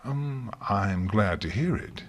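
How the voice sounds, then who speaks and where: A man's voice: fairly low pitch, expressive, slow. A man voicing a nervous young scholarly mare who stammers and hesitates.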